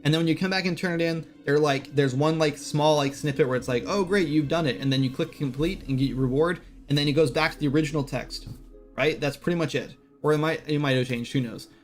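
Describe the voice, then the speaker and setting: A man's voice: fairly high pitch, fairly even intonation, fast talker, soft background music. A man hosting a casual game-development live stream, rambling with lots of "like" and "right?" fillers. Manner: quotes game characters in brief voices.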